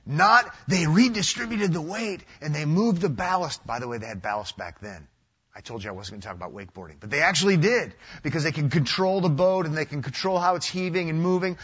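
Husky, dynamic man preaching a sermon. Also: fairly high pitch, animated, brisk, muffled recording. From United States. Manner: dynamic, swings from loud emphatic to hushed. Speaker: pastor.

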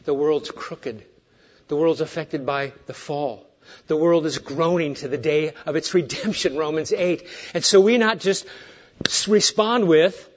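Older male pastor, lively sermon. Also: a little high, unhurried, muffled recording. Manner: swings between hushed asides and raised emphatic points, with joking digressions.

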